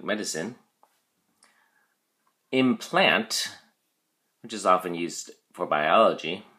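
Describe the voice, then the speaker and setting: In this recorded vocabulary lesson, a low-pitched, somewhat bright-voiced man explains things patiently. He slowly demonstrates syllable stress and keeps checking in with "okay."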